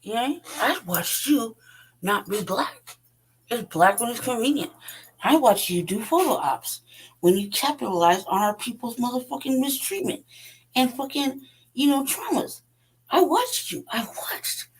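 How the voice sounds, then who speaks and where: A woman's voice: on the high side, expressive, moderate pace, a little hiss or hum, rough recording. A woman, hosting her own show and ranting bluntly and profanely, laughing often. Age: 40s. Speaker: podcast host. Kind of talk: unscripted rant.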